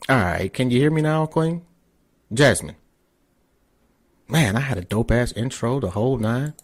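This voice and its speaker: A man's voice: medium pitch, animated, a little slow. A man hosting a podcast, talking loosely and cursing casually. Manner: loose, profane, chatty. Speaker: podcast host. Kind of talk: casual interview chat.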